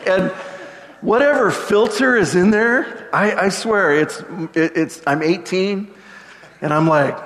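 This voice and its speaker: A middle-aged man preaching a sermon in a relaxed, conversational way, dropping joking asides to the congregation. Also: sits high, measured pace, big-room sound. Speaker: pastor.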